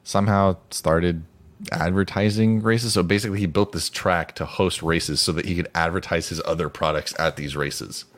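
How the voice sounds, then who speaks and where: Man, very low pitch, podcast co-host, chatty, self-mocking. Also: fairly even intonation, moderate pace. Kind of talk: casual chat.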